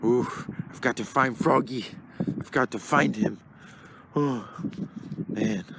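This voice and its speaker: A man's voice: medium pitch, slow pace, creaky, heavy background noise. A man voicing Ted, a dim-witted, mischievous teddy bear in a plush toy comedy, talking in a frantic, stammering dither.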